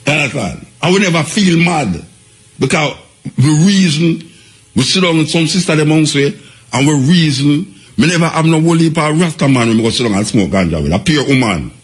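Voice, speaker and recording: An older man with a Jamaican accent, telling his life story in an animated, repetitive way in casual patois. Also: on the high side, a little fast.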